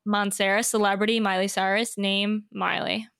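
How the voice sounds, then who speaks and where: A woman's voice: mid-range voice, flat delivery, normal speed, creaky, fairly bright tone, clear, resonant tone, no room sound, studio quality. A young woman co-hosting a podcast, chatting casually, laughing often and filling her talk with likes and ums. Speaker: podcast co-host. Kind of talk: casual chat.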